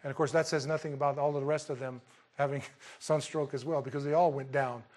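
A man preaching a verse-by-verse Bible sermon in an animated, colloquial way, with emphatic bursts. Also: on the high side, quick pace. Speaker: pastor.

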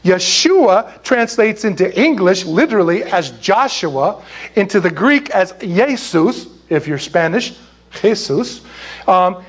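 A man preaching a sermon in an animated, jokey way, with acted asides. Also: high-pitched, husky. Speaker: pastor.

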